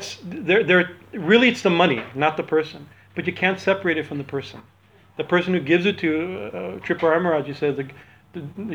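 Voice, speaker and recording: A man giving a loose, rambling religious talk, often checking in with "right?" His voice sits a bit high for a man. The recording is dull and lo-fi. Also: fairly bright tone. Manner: rambling, keeps asking "right?". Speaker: spiritual teacher.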